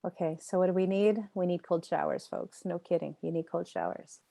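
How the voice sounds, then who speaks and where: Yoga teacher-training instructor, woman with a lowish voice, chatty and emphatic, answers students by name. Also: fairly even intonation, fairly quick, vocal fry, dark tone. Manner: emphatic, repeats phrases for effect, laughs often. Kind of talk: live online class lecture.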